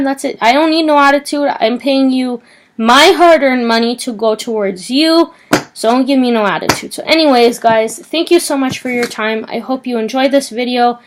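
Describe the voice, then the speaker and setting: A young woman with a fairly high voice vents to her camera in a casual vlog. She sounds agitated and indignant, and her complaints pile up as she talks. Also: normal speed, slight background noise. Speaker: vlogger.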